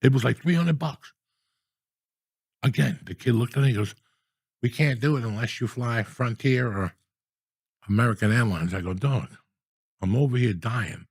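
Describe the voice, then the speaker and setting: Man, 60s, gravelly and husky, profane comic storyteller who slips into mock-outraged rants; dry close mic. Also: mid-range voice, normal speed, pauses often, dry recording. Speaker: podcast guest storyteller. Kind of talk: casual comedic storytelling.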